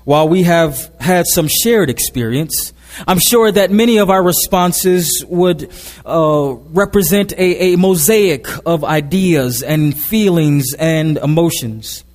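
A man's voice: on the high side, slow pace, a little mellow, big-room sound. A man preaching a sermon, opening with prayer and telling a story with humor and frequent repeated words. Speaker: pastor. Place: church sanctuary.

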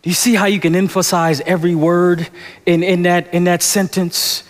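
A man's voice: high-pitched, little pitch movement, moderate pace. A man preaching a sermon as a pastor, with emphatic, rhythmic repetition, in a church sanctuary. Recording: long church reverb.

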